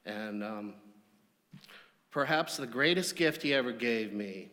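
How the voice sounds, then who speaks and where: A man delivers a eulogy made of funny, rambling anecdotes. His medium-pitched voice rings out with a long reverb tail, as in a large hall. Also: lively intonation, slow pace, pushed and bright. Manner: humorous, anecdotal storytelling. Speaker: eulogy speaker. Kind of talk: memorial eulogy.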